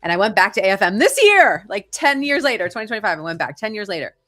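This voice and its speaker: A woman's voice: medium pitch, sing-song, fast, a bit bright. A middle-aged woman, an acting career coach and podcast guest, telling stories with energy and emphasis in a casual chat.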